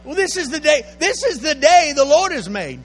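An older man, preaching a sermon that swings from quiet storytelling to loud, shouted exhortation. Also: very high-pitched, big pitch swings, normal speed, soft background music. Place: church sanctuary. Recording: echoey hall with faint mains hum.

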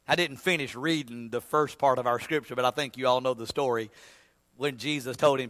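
Dramatic preacher in a reverberant hall. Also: male voice, mid-range voice, fairly quick. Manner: dramatic, swings from shouting to hushed; repeats and restarts words. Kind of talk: sermon.

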